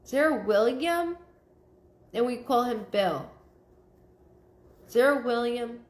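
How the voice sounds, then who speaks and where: A woman with a slightly high voice works through a live psychic reading, pausing on fillers and restarting her sentences as she relays spirit messages. Her voice rings in an echoey room. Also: expressive. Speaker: psychic medium.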